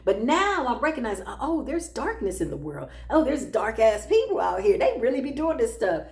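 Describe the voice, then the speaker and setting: A woman spiritual practitioner telling stories in a casual, sassy, animated way, laughing often and acting out what people said. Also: fairly high pitch, moderate pace, creaky. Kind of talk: casual storytelling monologue. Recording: roomy echo.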